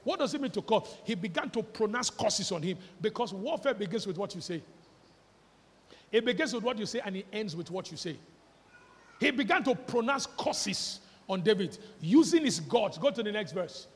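A male pastor preaching a sermon with fervour, shouting out scripture and quizzing his listeners. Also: high-pitched, animated, normal speed, slightly rough, in a large hall. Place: church hall.

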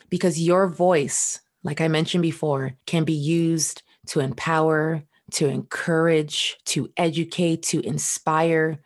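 A woman guest on a podcast, speaking in an emphatic, coaching motivational style with repeated questions. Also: low voice.

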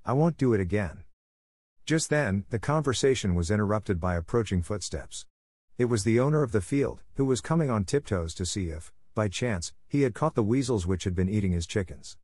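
A man narrating a classic children's story in a steady, even reading. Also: fairly low pitch, fairly quick, no echo, studio quality. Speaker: audiobook narrator.

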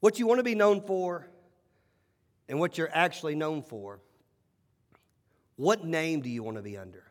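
A male pastor preaching a sermon with animated, emphatic storytelling and repeated phrases. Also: fairly high pitch, moderate pace, pauses often. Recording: long hall reverb.

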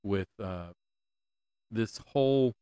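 A man's voice: on the low side, takes it slowly, warm tone, clear, resonant tone, no room sound. Profane, exasperated ranting man. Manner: stammering restarts. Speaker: podcast host. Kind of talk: solo ranting podcast.

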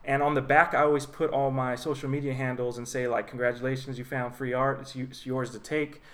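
A man co-hosting a podcast and chatting casually, easygoing and quick to laugh. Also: mid-range voice, level tone. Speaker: podcast co-host and artist. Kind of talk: casual chat.

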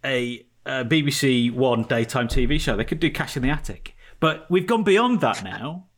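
A man's voice: mid-range voice, animated, fairly bright tone. A man co-hosting a podcast, chatting casually in a playful, teasing way. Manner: playful, teasing, quick to laugh. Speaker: podcast co-host. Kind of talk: casual chat.

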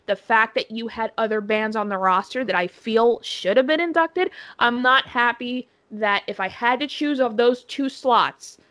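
A woman's voice: a little high, normal speed, hardly any pauses, a bit bright. A woman co-hosting a casual podcast, talking in an opinionated, emphatic way and swearing freely. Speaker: podcast co-host. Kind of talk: casual chat.

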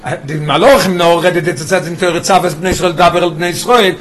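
High-voiced man teaching. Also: steady tone, fast talker, slight background noise. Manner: mixes English with Yiddish and Hebrew terms, explains with examples. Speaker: Torah teacher. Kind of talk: classroom Torah lesson.

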